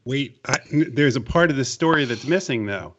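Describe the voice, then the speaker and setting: A man co-hosting a sports talk show who jumps in with quick questions. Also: mid-range voice, expressive, dull audio, slight background noise. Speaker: radio co-host.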